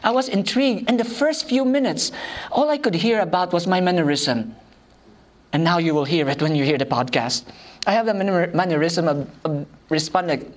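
A woman preaching a sermon, telling personal stories in an animated, self-mocking way and laughing often. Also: lowish voice, normal speed, a little hiss or hum.

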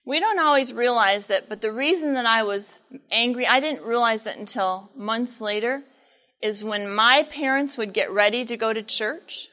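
Lively woman telling a story from the pulpit. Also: fairly high pitch. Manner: lively, animated storytelling with many asides to the audience. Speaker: speaker at church. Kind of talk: storytelling sermon talk.

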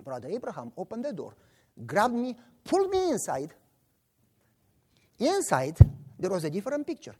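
A man's voice: sits high, moderate pace, long pauses, slightly rough. A man with a Romanian accent preaching a sermon, telling stories animatedly and voicing the people in them. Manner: animated storytelling, voices his characters.

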